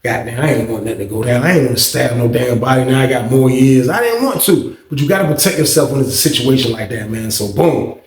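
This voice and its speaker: A man hosting his own channel, telling a prison story in casual, animated slang and repeating points for emphasis. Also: mid-range voice, fast. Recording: roomy echo.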